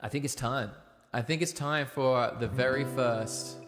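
A young Australian man chatting casually on a livestream, giving relaxed, rambling singing tips with plenty of ums. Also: medium pitch, measured pace. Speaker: livestreaming singer and guitarist. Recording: reverby room with guitar behind. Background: guitar playing.

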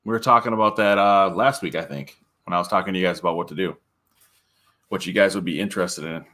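A man's voice: deep voice, fast, sharp tone. A man talking casually to viewers on a livestream, chatty and laughing often. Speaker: livestream guest.

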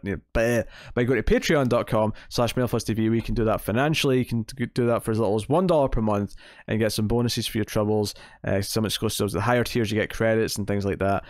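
A man's voice: lowish voice, fairly even intonation, fast, no echo. Guy hosting a tv podcast, rambly, keeps restarting, laughs a lot, dead dry sound. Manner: rambling, self-correcting, laughs often. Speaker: podcast host. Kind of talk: casual podcast chat.

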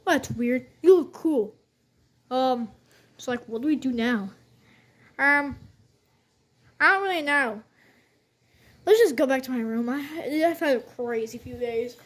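High-pitched woman voicing toy characters. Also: a little slow, long pauses. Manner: bouncy, excitable, frequent sound effects. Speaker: toy video creator voicing every character. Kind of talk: playful toy role-play.

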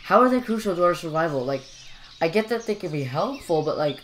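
A man's voice: on the high side, lively intonation, a little fast, fairly bright tone, slight background noise. A young man casually commentating while he plays a game, rambling and joking with lots of filler words. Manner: chatty, rambling and jokey, with frequent fillers. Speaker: gameplay commentator.

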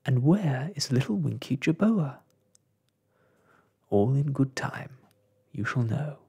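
Brief: male storyteller, hushed ASMR reading, slow and animated. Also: medium pitch, creaky, slightly rough. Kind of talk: soft-spoken ASMR storytelling.

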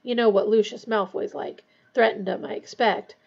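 A woman voicing a large, grieving gamekeeper who speaks in a shaky, halting way. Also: medium pitch, steady tone, vocal fry, darkish tone, husky, highs cut off.

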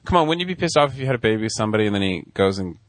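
A man's voice: on the low side, animated, rapid-fire, no room sound. A man co-hosting a casual chat, blunt and rambling, brushing details aside. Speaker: podcast co-host.

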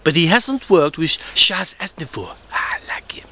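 A man's voice: on the high side, sing-song, normal speed, a bit bright, exaggerated voice. A man putting on a pompous fake-French count. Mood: boastful. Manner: boastful, rambling, theatrical, slips into whispers. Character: pompous French count, boastful male character. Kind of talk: comedic character monologue.

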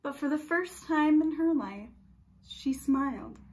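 A preschool teacher reading a storybook aloud to young children in a slow, expressive, sing-song way. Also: female voice, sits high, slight background noise, poor audio.

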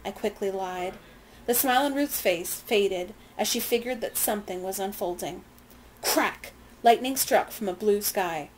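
A woman reading a novel aloud in measured, plain storytelling and pausing to explain words. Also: mid-range voice, slight background noise, rough recording. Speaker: reader.

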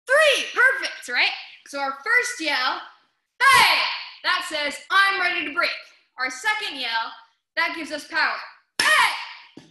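Bright-voiced woman martial arts instructor. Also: sits high, expressive, measured pace. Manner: calls out short commands, shouts sharp yells in demonstrations. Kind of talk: coaching a class through drills. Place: indoor training hall. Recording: roomy echoey hall.

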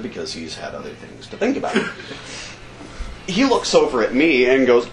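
A man telling a comic war story to a live convention audience, laughing and acting out shouts and sound effects. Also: medium pitch, huge pitch swings, unhurried, pauses often, heavy background noise. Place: convention stage.

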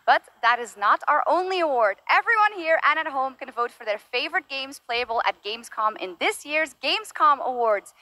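A woman presents a live showcase in an upbeat, announcer-like read. Her voice is high and bright. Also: expressive, moderate pace, hardly any pauses, low-quality recording. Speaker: show co-host. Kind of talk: scripted live-show presenting.

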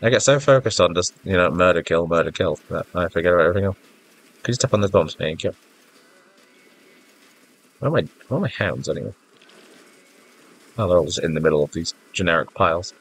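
Faint game music underlies this clip of a gaming YouTuber rambling through casual commentary, self-deprecating and quick to get flustered. His low, congested voice is animated and fairly quick, broken by long pauses, with slight background noise present.

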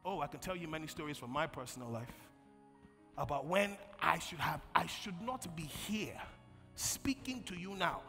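High lively preacher in a big hall. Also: male voice, moderate pace. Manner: preaching with call-and-response, swinging from loud bursts to quiet storytelling. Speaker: pastor. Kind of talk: sermon. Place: large church hall. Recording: long church hall reverb, faint music.

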